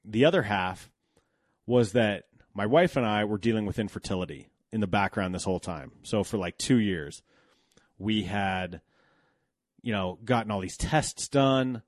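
A man's voice: fairly low pitch, a little slow, dry recording, clean studio sound. A man in his thirties telling a candid personal story about work, blunt and profane, growing heated when indignant.

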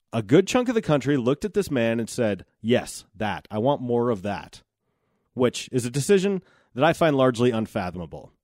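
A middle-aged man hosting a podcast, talking in a blunt, profane, animated monologue. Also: mid-range voice, no echo, clean studio sound. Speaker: podcast host. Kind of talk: casual monologue.

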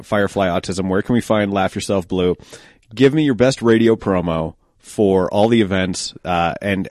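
A deep-voiced man hosts a podcast in a relaxed, rambling way, with plenty of casual fillers. His voice is recorded dry and close. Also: no room sound. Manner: laid-back, loose, many fillers. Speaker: podcast host. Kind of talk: casual interview chat.

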